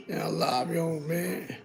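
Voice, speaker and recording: A hoarse, sick man chatting casually and slangily on a phone live stream, tagging his lines with "you heard?". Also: on the high side.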